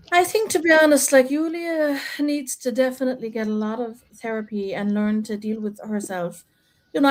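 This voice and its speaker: A woman's voice: fairly high pitch, poor audio. A woman hosting a casual live chat about a reality show, opinionated and chatty, with lots of fillers.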